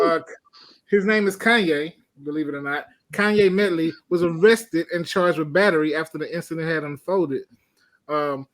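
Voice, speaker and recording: High-pitched man, co-host, playful joking storyteller, casual chat. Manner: jokey, playful news storyteller. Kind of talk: casual podcast banter.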